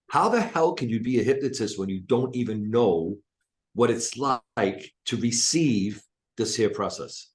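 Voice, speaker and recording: Deep-voiced man, roomy office sound. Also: animated, measured pace. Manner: emphatic, talkative, with blunt asides. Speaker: hypnotist and coach, guest. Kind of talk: casual spoken teaching. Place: his home office.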